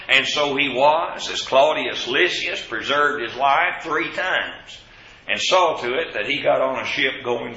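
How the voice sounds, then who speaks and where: A man preaching an evening Bible study, teaching slowly and deliberately and quoting scripture. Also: medium pitch, sharp tone. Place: church classroom with a board. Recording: roomy, dull lo-fi recording.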